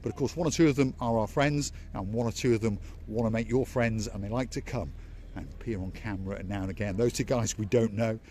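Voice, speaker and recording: A man's voice: lowish voice, quick pace, a little mellow, a little hiss or hum. A man hosting a walking-tour vlog outdoors at a seaside harbour, chatting playfully and teasing his viewers. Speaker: vlog host.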